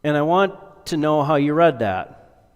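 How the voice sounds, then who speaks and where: Pastor preaching in a reverberant hall. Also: male voice, fairly high pitch, expressive, unhurried, clear, resonant tone. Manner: rhetorical questions, rising to emphatic peaks then dropping to near-whispers. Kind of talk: sermon.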